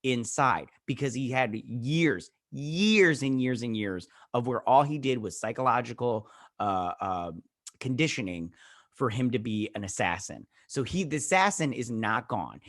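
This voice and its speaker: A man's voice: mid-range voice, no echo, clean studio sound. A man hosting a casual episode review vlog, recapping scenes in a rambling way and acting out the characters' lines. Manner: frequent restarts and "he's all like". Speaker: show host reviewing a TV episode.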